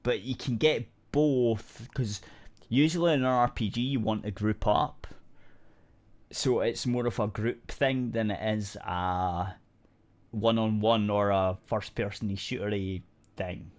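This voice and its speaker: A man with a fairly low voice chats casually on a podcast. He rambles through a gaming story, often restarting his sentences and dropping casual swear words. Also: measured pace. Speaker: podcast co-host. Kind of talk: casual chat.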